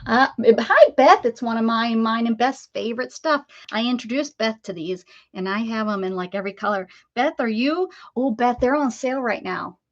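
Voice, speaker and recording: A chatty woman from the Pittsburgh area, talking her way through a crafting live stream in a slightly high voice. She greets viewers by name and rambles as she works. The sound is dull and lo-fi. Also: animated, moderate pace, few pauses. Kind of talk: casual live-stream chat while crafting.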